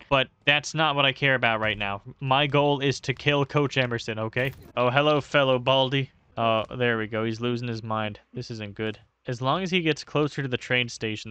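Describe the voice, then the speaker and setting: A man's voice: medium pitch, pushed and bright, smooth, dry recording. A young man giving casual, joking let's-play commentary on a video game, swearing freely as he reacts to what happens on screen. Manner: profane, joking running commentary. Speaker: gaming YouTuber.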